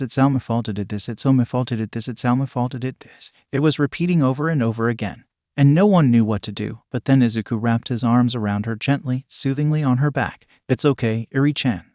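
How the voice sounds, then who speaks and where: A man's voice: medium pitch, darkish tone, no room sound. Man narrating a story, dry sound. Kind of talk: fan fiction story narration.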